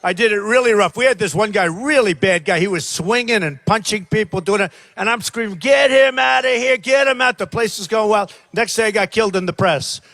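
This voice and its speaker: A man's voice: high-pitched, a little fast, hardly any pauses, a bit bright, dry recording. An older man giving a rambling campaign rally speech, repeating himself and talking straight to the crowd. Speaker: political candidate. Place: large rally crowd by a plane.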